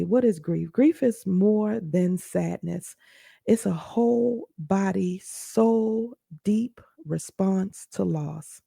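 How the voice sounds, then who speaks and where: Dark, gravelly woman speaking earnestly. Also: lowish voice, no room sound, clean studio sound. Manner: earnest, conversational, speaks directly to listeners. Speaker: podcast host. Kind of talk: personal storytelling and teaching.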